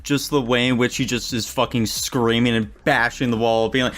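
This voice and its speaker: A man's voice: medium pitch, steady tone, moderate pace, hardly any pauses, a bit bright. A man co-hosting a casual movie review podcast, swearing freely as he praises scenes he liked. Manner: loose and profane, enthusiastic. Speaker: podcast co-host.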